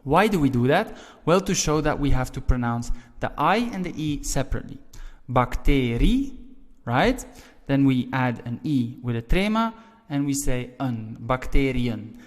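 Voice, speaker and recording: A man's voice: animated, normal speed. Man teaching in a reverberant room. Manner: explains step by step, often checking in with "right?"; stresses key words with sudden lifts in pitch and volume. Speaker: language teacher. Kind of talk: video language lesson. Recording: long reverberant room echo.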